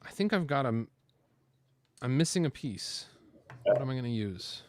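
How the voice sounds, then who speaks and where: A man chatting while he builds on camera, rambling loosely and filling gaps with fillers. His voice sits in an ordinary middle pitch. He talks in an easygoing, unhurried way. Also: animated, darkish tone. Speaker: host building LEGO on camera. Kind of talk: casual building chat.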